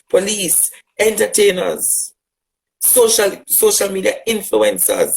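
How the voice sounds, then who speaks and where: A man's voice: sits high, darkish tone, rough recording. A man from Jamaica with a Jamaican accent, an LGBTQ advocate delivering a fiery, rhetorical monologue at a critic and repeating phrases for emphasis. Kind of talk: impassioned monologue addressing a critic.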